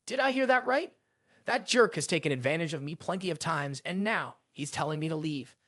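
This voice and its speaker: A flirtatious female secretary who whines and wheedles and turns spiteful behind people's backs, as a narrator puts her on. She speaks lower than the narration, with plenty of pitch movement. The sound is dry. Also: expressive, a little fast, a bit bright, no room sound, close to an everyday voice. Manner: whiny, wheedling.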